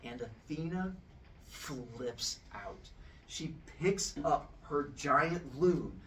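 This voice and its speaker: A man retelling a story in a casual, animated way, acting out the voices and sound effects as he goes. His voice is bright and swoops a lot, and a bit on the high side. It sounds a little distant from the mic. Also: drawn-out words, slight background noise.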